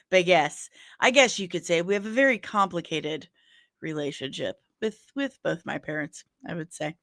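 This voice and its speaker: A woman's voice: on the low side, animated, moderate pace, fairly bright tone, dry recording, clean studio sound. A woman chatting casually and candidly on a livestream, rambling, laughing often and apologizing in asides.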